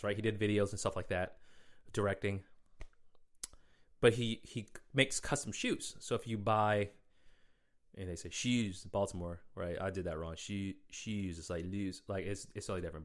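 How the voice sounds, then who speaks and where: A man hosts his own podcast and tells a story in a loose, animated way. He talks with slang and filler and often restarts his sentences. His voice sits a bit low. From United States. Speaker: podcast host. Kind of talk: casual solo podcast storytelling.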